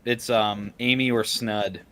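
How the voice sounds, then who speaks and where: A man chatting on a casual livestream, telling a quick story about home. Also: lowish voice, steady tone, a bit bright, clear, resonant tone, dry recording.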